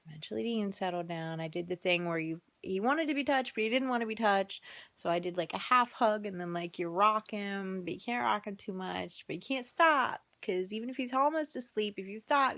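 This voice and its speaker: Worn out mom rambling into her phone, drops to whispers a lot, dry close sound, average pitch. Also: a bit bright, dry recording. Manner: tired, chatty, often drops to a whisper. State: exhausted. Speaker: mother vlogging. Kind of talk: casual storytelling vlog. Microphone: phone camera.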